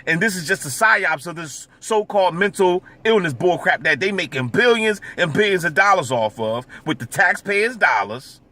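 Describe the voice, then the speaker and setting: A man's voice: high-pitched, expressive, normal speed, few pauses, sharp tone. A man vlogging in a casual, rambling monologue, with stammering repeats and constant filler asides.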